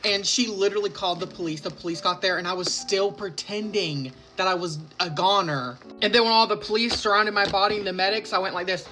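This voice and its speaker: A woman's voice: mid-range voice, fast talker, hardly any pauses. Crude joking woman telling a storytime. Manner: crude, joking, lively quoting of others. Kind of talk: casual storytime narration. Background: background music.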